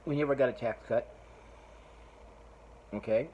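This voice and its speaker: Podcast host, middle-aged man, casual profane storyteller, mid-pitched, faint noise behind. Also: unhurried, muffled recording. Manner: profane, rambling, laughs while retelling.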